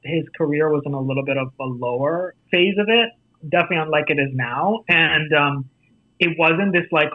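A man with an American accent, an actor telling stories about his career in a casual interview, animated and acting out quoted voices. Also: a little high, brisk, no echo. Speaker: actor and festival jury guest. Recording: tinny phone-like line.

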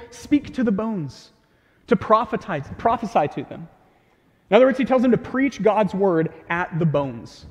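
Male preacher, high voice, casual and conversational, echoing church hall. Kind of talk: sermon. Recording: long hall reverb.

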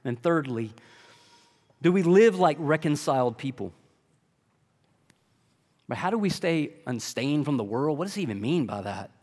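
A man's voice: fairly high pitch, expressive, moderate pace, long pauses, darkish tone. A man preaching a sermon in a conversational style, full of rhetorical questions. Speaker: pastor. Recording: long reverb of a large hall.

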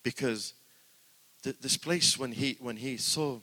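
An older man preaching a sermon in a church, swinging between loud exclamations and quiet asides, repeating words for emphasis. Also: medium pitch, takes it slowly, big-room sound.

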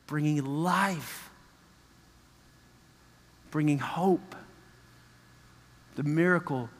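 A man preaching a sermon as pastor, animated and acting out the people he quotes. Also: extremely high pitch, long reverb tail. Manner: animated, acts out quoted voices, chuckles.

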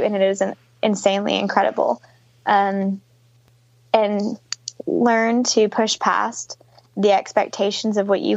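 A woman's voice: mid-range voice, no room sound, highs cut off. A woman in her twenties, a foster and adoptive parent, talking earnestly and casually in an interview over a video call, with lots of fillers. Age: 20s. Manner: chatty, earnest, many fillers like "like" and "kinda".

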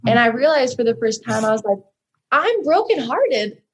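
A young woman appearing as a podcast guest speaks fast in a fairly high voice with fairly even intonation, her voice slightly raised. She candidly recounts a personal story in an earnest, rambling way, leaning heavily on "like" and "so."

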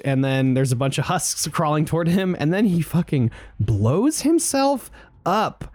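A man's voice: medium pitch, big pitch swings, a little slow, darkish tone, no echo, studio quality. A man co-hosting a podcast, recapping a video game in casual chat, rambling and playful, with goofy voices for the characters he quotes. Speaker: podcast co-host.

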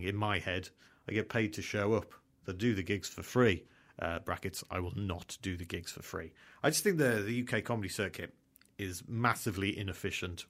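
A man from the hosting a radio comedy show, chatting casually with rambling, self-deprecating asides. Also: fairly low pitch.

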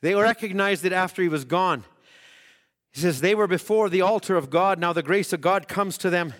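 High, bright-voiced man preaching in a hall. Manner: swings between shouted peaks and hushed, drawn-out passages; dramatic storytelling with quoted voices. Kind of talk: sermon.

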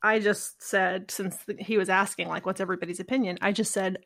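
Woman podcast cohost, thinks out loud, trails off, normal pitch. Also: steady tone, a little fast, gravelly. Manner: rambling, reflective, trails off mid-thought. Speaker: podcast co-host. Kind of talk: casual conversation.

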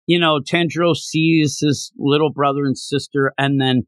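A man co-hosting a podcast, chatting casually about a manga chapter and acting out characters' lines in quick voices. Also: on the high side, fairly even intonation, no room sound. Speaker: podcast co-host.

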